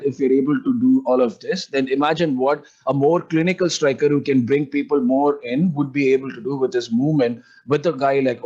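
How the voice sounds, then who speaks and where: A man's voice: mid-range voice, darkish tone, dull audio. A man chatting casually as a podcast co-host, rambling through his points with lots of "like" and "you know". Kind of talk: casual fan podcast chat.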